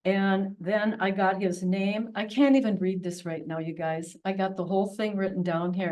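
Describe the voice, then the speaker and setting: A woman presenting at a public meeting, telling a personal story in an earnest, emotional voice. She halts and restarts often as she goes. Her voice is of middle pitch and sounds somewhat distant from the microphone. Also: steady tone, moderate pace, darkish tone.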